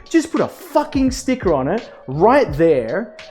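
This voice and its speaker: A man's voice: high-pitched, sing-song, unhurried, darkish tone, faint music behind, voice pushed up. Dude acting out a rude cranky customer guy, snappy, cussing. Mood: hostile. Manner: snapping, swearing. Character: rude angry male customer, aggressive.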